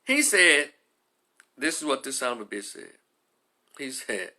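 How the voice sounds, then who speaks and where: Bright-voiced man telling a story. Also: a little high, moderate pace, pauses often. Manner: animated, profane, conversational. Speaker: vlogger and commentator. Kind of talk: casual storytelling commentary.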